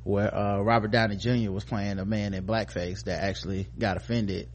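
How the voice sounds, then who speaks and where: A man's voice: lowish voice, level tone, moderate pace, a little hiss or hum. A man co-hosting a casual podcast, reading news stories aloud and stumbling over words with many fillers. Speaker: podcast co-host.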